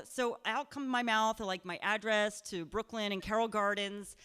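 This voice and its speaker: Young woman, live storyteller, chatty and self-mocking, mid-pitched, lots of fillers. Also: moderate pace, a bit bright, smooth. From Pennsylvania. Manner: chatty, self-deprecating, laughing often, full of "like" and "um". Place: live show in a cultural center.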